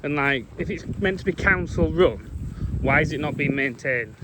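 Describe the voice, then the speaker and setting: A man's voice: fairly high pitch, animated, moderate pace, background noise. A young man, a farmer, chatting casually while walking his fields and calling to his dog. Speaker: farmer vlogger. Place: outdoors in windy farm fields.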